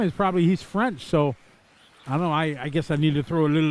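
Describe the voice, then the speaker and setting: A man's voice: high-pitched, a little fast, fairly bright tone. Chatty man calling an RC race. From Wisconsin. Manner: chatty, rambling asides between race calls. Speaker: race commentator. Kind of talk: live race commentary.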